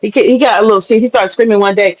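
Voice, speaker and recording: A woman's voice: mid-range voice, steady tone, very fast, dry recording, dull audio. A woman guest chatting casually on a livestream, brash, teasing and profane. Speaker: stream guest.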